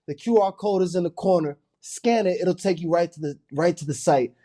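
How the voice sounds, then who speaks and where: Playful co-host with a mellow voice. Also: male voice, sits high, brisk. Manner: playful, teasing. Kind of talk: casual banter.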